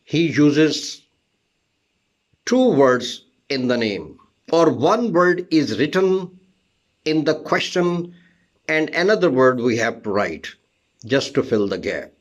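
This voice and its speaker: A man with a fairly high, expressive voice takes it slowly and pauses often, recorded in lo-fi sound. Walking through an English listening test lesson step by step, he spells words letter by letter and goes back over key terms.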